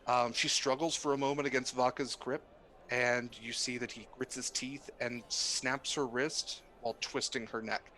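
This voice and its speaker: A man narrating a tabletop game as game master, halting with many fillers. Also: medium pitch, flat delivery, sharp tone.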